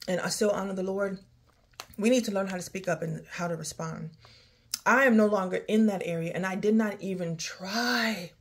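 A woman's voice: mid-range voice, moderate pace. A woman talking candidly in a personal vlog, sighing often as she drifts from work troubles to faith. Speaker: vlogger. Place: outdoors near her home, rain starting.

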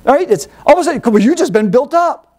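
Male pastor, high pitched, lively, teaching sermon with acted-out dialogues. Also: quick pace. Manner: animated, acts out little dialogues, rhetorical questions.

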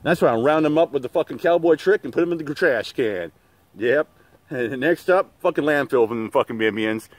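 A man's voice: mid-range voice, lively intonation, normal speed, no echo. A middle-aged man hosting his own channel, ranting in a profane, rambling way with many fillers and restarts. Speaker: channel host. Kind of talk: rambling livestream rant.

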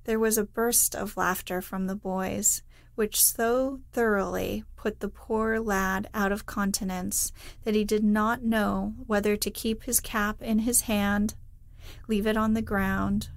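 Slow, hushed woman reading a sleep story. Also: medium pitch, creaky, dry recording. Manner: soft, hushed, drifting into whispers. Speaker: bedtime story reader.

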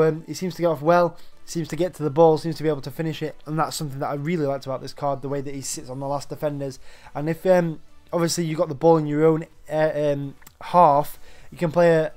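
Young guy reviewing a footy game card, bit out of breath, voice sits a bit high, lots of ums. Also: little pitch movement, a little fast, a little mellow, faint music behind. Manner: chatty, rambling, lots of ums and restarts. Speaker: gaming YouTuber. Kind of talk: casual game review commentary.

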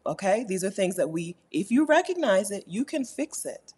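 A woman hosting a casual live stream, reading chat comments aloud, animated and laughing often, repeating her points for emphasis. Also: mid-range voice, normal speed, hardly any pauses, husky. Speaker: YouTube host answering live chat.

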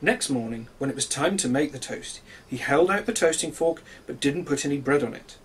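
A man reading a children's storybook aloud in a gentle, expressive way. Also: on the high side, a little fast, a little hiss or hum.

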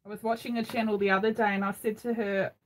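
A woman's voice: medium pitch, level tone, fast talker, low-quality recording. A middle-aged Australian woman hosting a craft live stream, chatting casually and rambling with frequent ums, recorded on a phone. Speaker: craft channel host.

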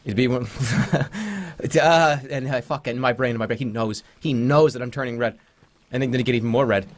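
A streamer in his thirties chats casually on a livestream, telling rambling stories and breaking into sudden yelps. His voice is medium-pitched and moderately paced.

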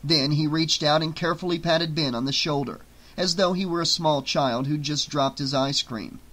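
A man narrating an audiobook in a steady, dramatic storytelling manner. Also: fairly high pitch, normal speed, poor audio.

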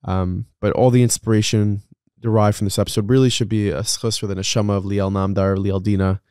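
Man, podcast host, low voice, smooth clear tone, dry close sound. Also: level tone, fairly quick, darkish tone, dry recording. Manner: chatty, many fillers and restarts. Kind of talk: casual interview chat.

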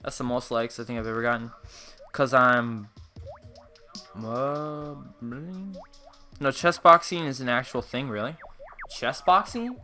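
A man's voice: mid-range voice, slow, pauses often, sharp tone, soft background music. A young man chatting casually with his viewers while he plays, joking and rambling between matches. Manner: joking, rambling, talks to chat while playing. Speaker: gaming livestreamer. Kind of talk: casual gaming livestream chat.

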